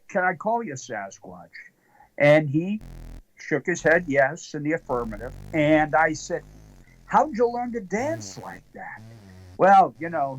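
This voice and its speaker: A man, the network founder, telling a rambling deadpan tall tale as a guest on a call-in show, with many halting restarts. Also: a little high, poor audio.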